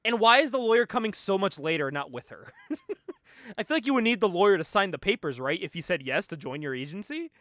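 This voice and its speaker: A man co-hosting a casual podcast, recapping a comic book with constant laughter and quick acted-out dialogue. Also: sits high, dry recording, studio quality. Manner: animated, laughs often, acts out the characters' lines. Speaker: podcast co-host.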